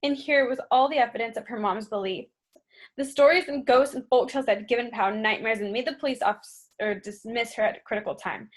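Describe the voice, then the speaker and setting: Higher-voiced woman narrating an audiobook. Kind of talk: scripted narration.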